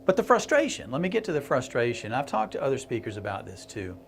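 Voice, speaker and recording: A man's voice: mid-range voice, huge pitch swings, fast, vocal fry, slight background noise. A middle-aged man speaking to camera in a casual blog video, telling a story as a consultant and speaker, laughing and restarting often.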